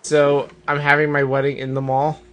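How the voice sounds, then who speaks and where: A man's voice: a little high, monotone, normal speed, lo-fi sound, slight background noise. A man on a casual comedy podcast, firing back incredulous questions and wisecracks. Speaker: podcast co-host.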